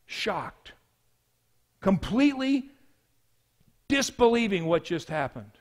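A man preaching a sermon as pastor, telling a story with swings from hushed to loud. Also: sits high, expressive, slow, long pauses.

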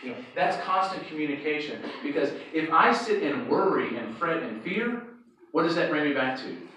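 A man gives a relaxed youth sermon, talking to the room as if chatting and checking in with a quick "okay?" every few lines. He stands back from the microphone in a very echoey hall, with a little noise under his voice. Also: on the high side, distant mic. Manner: conversational, checks in with frequent "okay?". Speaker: youth pastor. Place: church hall or sanctuary. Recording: echoey hall, speaker away from mic.

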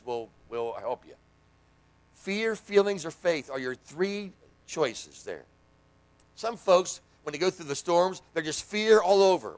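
Gravelly animated preacher man. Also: high-pitched. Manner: animated preaching, acting out voices of people he quotes. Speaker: pastor and hospital chaplain. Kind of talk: sermon. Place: church sanctuary.

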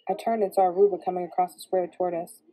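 A woman reading a novel aloud in steady first-person narration. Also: on the low side, fast, poor audio. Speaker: reader.

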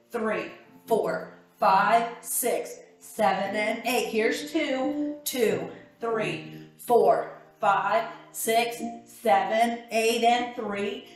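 Woman fitness instructor, very slow and unhurried delivery, counting reps, very echoey room, faint music behind. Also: mid-range voice, recorded from a distance. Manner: counting reps and giving short cues. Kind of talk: workout class instruction.

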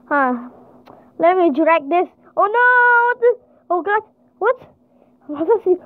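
Woman gamer, very high voice, slow halting delivery, panicky exclamations, tinny phone-like dry sound. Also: no room sound. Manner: excitable, frequent panicked exclamations. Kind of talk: panicked gameplay commentary.

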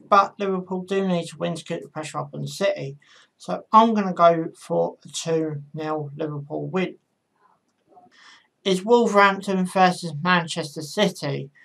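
Her pitch is fairly low and gravelly, yet the tone comes across fairly bright. She's a woman with her own football channel, hesitantly working through match predictions in a casual style full of ums and self-corrections.

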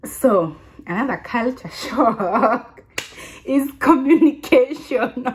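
A Kenyan woman in her twenties telling a casual story to her vlog audience, chatty and animated, often restarting her sentences. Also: on the high side, takes it slowly. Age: 20s. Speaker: vlogger.

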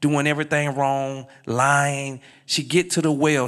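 A middle-aged man telling his life testimony as a guest speaker, dropping low and quiet in the story, then rising loud and high as he exhorts the listeners. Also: little pitch movement, unhurried, few pauses.

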